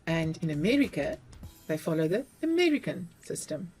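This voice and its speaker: A middle-aged South African woman teaches English spelling, patiently spelling words out letter by letter for her learners. Her voice is on the low side and darkish, very animated at a moderate pace, with soft music in the background.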